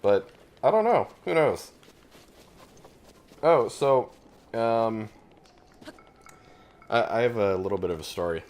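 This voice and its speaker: Slow and full of pauses, a man with a lowish, slightly mellow voice chats expressively as co-host commenting on a game playthrough. The casual let's-play talk rambles and hesitates with many restarts, and he coughs occasionally from a lingering chest cold.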